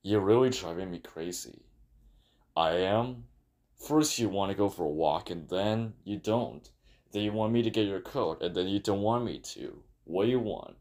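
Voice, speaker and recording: A man's voice: fairly low pitch, moderate pace, a little mellow, close to an everyday voice. A man voicing a fussy, nagging cartoon man in a fan animation dub, scolding in a plain voice.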